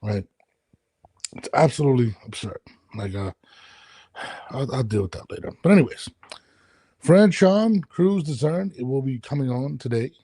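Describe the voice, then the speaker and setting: A man's voice: medium pitch, normal speed, long pauses, slightly rough, no room sound. A man hosting a podcast from his home studio, talking casually and ranting with lots of swearing. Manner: profane, animated ranting. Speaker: podcast host. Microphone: studio headphones and mic.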